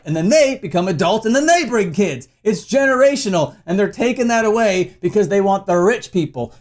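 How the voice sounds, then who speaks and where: Heated high-voiced young man ranting. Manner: heated, profane, exasperated. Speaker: channel host. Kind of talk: angry rant to camera.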